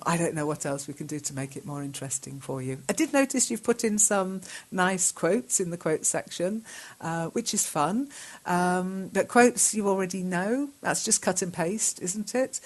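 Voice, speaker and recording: A woman hosting a learning show, reading out learners' chat messages and correcting them, often laughing. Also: lowish voice. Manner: chatty, laughs often, dictates punctuation. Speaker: English teacher and show host.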